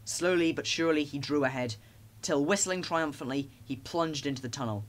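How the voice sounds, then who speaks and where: A man narrating a children's storybook with a lively, expressive reading. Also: fairly high pitch, brisk.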